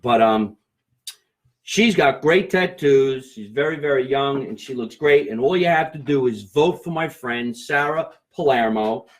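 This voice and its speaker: A man's voice: medium pitch, expressive, unhurried. A man hosting a casual comedy talk show, joking and plugging sponsors, recorded into a phone. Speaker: comedy podcast host.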